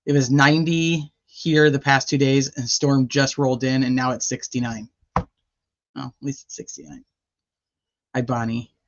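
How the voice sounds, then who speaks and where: A woman hosting a casual live stream, rambling and greeting chat viewers by name. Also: a bass voice. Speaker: livestream host. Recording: dull lo-fi stream audio.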